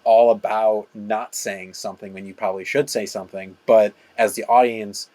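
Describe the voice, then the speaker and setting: An enthusiastic podcast co-host in casual conversation, agreeing quickly and talking with easy momentum. The voice sits at a middling pitch. The sound is dry and close, with no room behind it. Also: fairly even intonation, warm tone, no echo. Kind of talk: casual chat.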